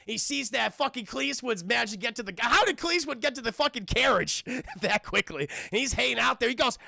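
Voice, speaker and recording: A man's voice: extremely high pitch, quick pace, creaky, few pauses, dry recording, studio quality. A man casually recapping a film for his live chat, swearing a lot and acting out the characters in voices. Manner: profane, excitable, acts out scenes in voices. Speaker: film reviewer streaming to chat.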